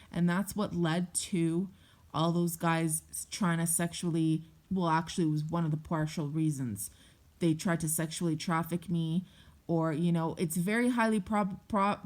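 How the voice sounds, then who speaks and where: A woman telling a personal story in a vlog, intense and emotional, with frequent swearing. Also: lowish voice. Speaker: vlogger.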